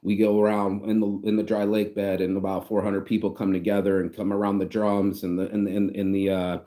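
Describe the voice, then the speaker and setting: A man from the United States telling a story in a casual vlog, animated and slangy, acting out what people said. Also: on the low side, fairly quick. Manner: animated slangy storytelling, acts out quoted voices. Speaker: vlogger.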